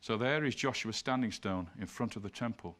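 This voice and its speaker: A man's voice: fairly low pitch, brisk, fairly bright tone. Man giving an illustrated lecture. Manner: explains slide by slide, pointing things out; reads scripture passages aloud.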